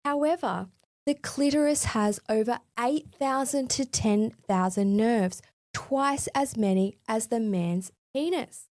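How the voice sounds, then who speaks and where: Speaking slowly in a higher, slightly mellow voice, a forties-aged woman presents her own scripted solo podcast. She's frank, cheeky and chatty, dropping a bit of mild swearing, and the recording is dry and studio quality.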